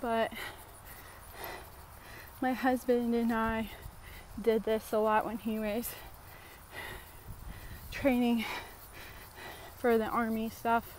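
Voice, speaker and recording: A woman vlogging outdoors on a park trail, her voice sitting a little high. She talks to the camera in a loose, chatty way, with plenty of fillers and restarts. There is a faint hum of background noise behind her. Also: level tone, slow pace, pauses often, a little mellow. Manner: chatty, rambling, lots of fillers. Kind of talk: casual chatty vlog.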